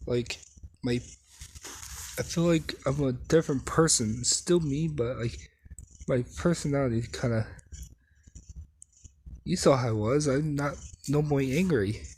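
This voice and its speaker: A man voicing a shy, unsure teenage boy in a homemade fan story, talking in a hesitant, halting way. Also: mid-range voice, a little mellow, slight background noise, natural voice, low-quality recording.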